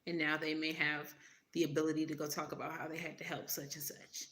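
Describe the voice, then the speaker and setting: A woman's voice: sits low, little pitch movement, a little fast, fairly bright tone, roomy sound, slight background noise. A woman tarot reader in casual livestream talk, emphatic, repeating her points and laughing often.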